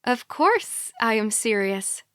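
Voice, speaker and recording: A woman voicing a brainwashed young woman who speaks in a light, monotonous, robotic way. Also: fairly high pitch, moderate pace, creaky, dry recording, studio quality. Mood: flat insistent. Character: brainwashed older sister, young woman, eerily calm.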